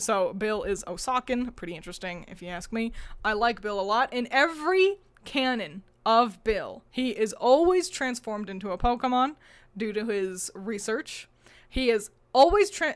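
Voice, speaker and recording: A chatty woman with a fairly high voice rambles playfully through casual talk. She swears offhandedly and keeps the tone loose and joking. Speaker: podcast co-host. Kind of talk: casual chat.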